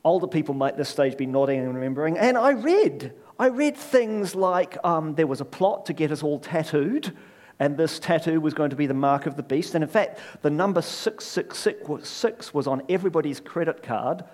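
A man's voice: a little high, animated, normal speed, darkish tone. A middle-aged man preaching a sermon, telling stories with wry, self-deprecating asides.

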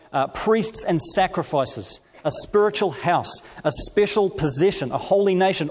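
A middle-aged man preaching a sermon as pastor, reading scripture slowly and telling stories from his own life. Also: high voice, a little mellow. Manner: storytelling, measured scripture reading.

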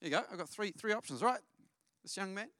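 This middle-aged man is a pastor giving a sermon at church, weaving in family stories and quizzing his congregation with lively energy. His voice is high and he talks fast. It's a dry recording with a clean studio sound.

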